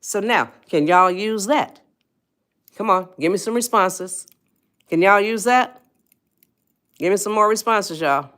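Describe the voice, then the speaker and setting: A woman's voice: medium pitch, a little slow, pauses often, fairly bright tone. A woman hosting a motivational live stream, coaxing and repeating herself as she talks straight to viewers in the chat. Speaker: host of a self-help live stream.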